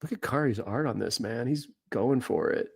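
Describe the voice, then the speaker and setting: Gravelly, enthusiastic comic artist man. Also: mid-range voice, expressive, normal speed, dry recording. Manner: enthusiastic, slangy, swears casually. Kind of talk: casual chat about comics.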